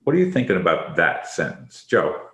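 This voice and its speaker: Low-pitched but with huge pitch swings, this man talks fairly quickly with a slightly bright tone. Hosting a conversational leadership podcast, he reflects on the theme, offers affirmation, and brings guests in by name, all recorded with a roomy echo.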